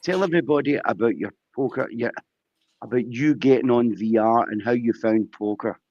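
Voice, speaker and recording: A man's voice: medium pitch, moderate pace, no echo. A man hosting a casual interview, playful and teasing with his guest. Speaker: host. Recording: dull lo-fi sound.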